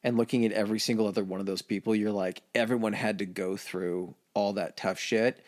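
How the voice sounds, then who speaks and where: A man's voice: fairly low pitch, steady tone, a little fast. A man co-hosting a podcast in casual chat, loose and profane, with lots of filler words. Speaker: podcast co-host.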